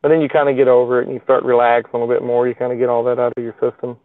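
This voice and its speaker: A man's voice: medium pitch, little pitch movement, rapid-fire, no room sound. A man hosting a casual live stream show from his parked car, talking in a loose, rambling way with lots of fillers and folksy phrasing. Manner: rambling, with many fillers and plain folksy speech. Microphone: phone. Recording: tinny, phone-like, dry sound.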